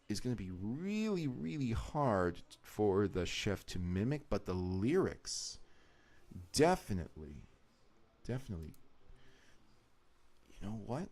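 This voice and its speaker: Low-voiced man rambling through an explanation. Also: darkish tone. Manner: rambling, explanatory, restarts sentences. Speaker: video editor streaming his work. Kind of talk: live-stream commentary.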